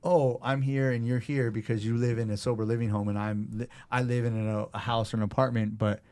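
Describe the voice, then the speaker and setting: Man in his thirties, mid-pitched voice, lively storyteller as a podcast guest. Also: fairly quick, clean tone. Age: 30s. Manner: animated, conversational storyteller. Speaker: personal trainer guest. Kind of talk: casual storytelling interview.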